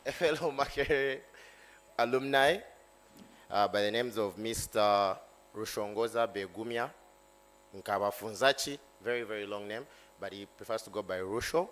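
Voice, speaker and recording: A man's voice: on the low side, steady tone, normal speed, fairly bright tone. A man co-hosting, introducing the next speaker with some hesitation. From Uganda. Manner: hesitant, with fillers. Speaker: event co-host.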